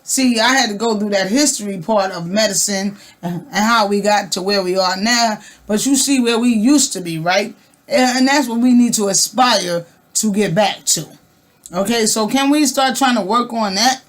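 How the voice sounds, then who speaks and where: A woman's voice: medium pitch, normal speed. Woman vlogger, fervent and loose, hammering rhetorical questions to camera. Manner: loose and conversational, with frequent restarts. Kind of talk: casual talk to camera.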